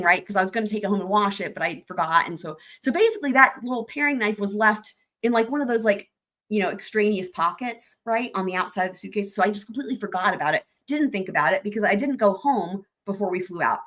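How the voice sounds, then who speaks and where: Animated young woman telling a story. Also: mid-range voice. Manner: animated, laughing often, swearing casually. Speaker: livestream host. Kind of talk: casual storytelling chat.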